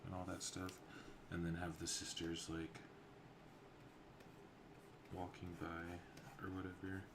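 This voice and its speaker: A man with a very deep voice talks loosely through his story beats, full of fillers and asides. Clear keyboard typing and clicks run behind him. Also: completely flat delivery, takes it slowly, background noise. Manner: loose and rambling, lots of fillers. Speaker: storyboard artist streaming. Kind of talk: casual livestream narration.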